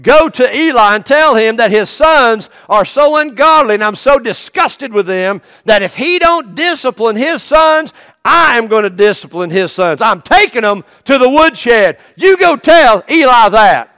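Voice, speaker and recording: A man's voice: very high voice, animated, measured pace, pushed and bright, clean tone, dry recording, exaggerated voice. A preacher voicing God, who delivers a stern, commanding warning to a boy in the night. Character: disgusted, thundering God giving a warning.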